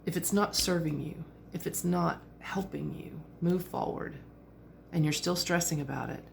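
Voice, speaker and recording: A woman's voice: fairly low pitch, steady tone, moderate pace, gravelly, slight background noise. A woman in her fifties giving a chatty, reflective vlog monologue, with fillers and small laughs. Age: 50s. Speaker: vlogger.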